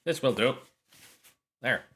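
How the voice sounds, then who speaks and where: A man's voice: mid-range voice, takes it slowly, slight background noise. A man streaming a retro adventure game, chatting and joking casually as he plays. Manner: chatty, animated, jokey. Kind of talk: casual let's-play commentary.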